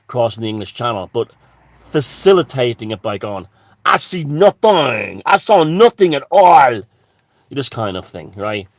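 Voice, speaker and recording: A man's voice: mid-range voice, no room sound, studio quality. A man giving a heated, rambling political monologue, swearing and restarting his sentences. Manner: heated, profane, full of restarts and asides. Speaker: commentator.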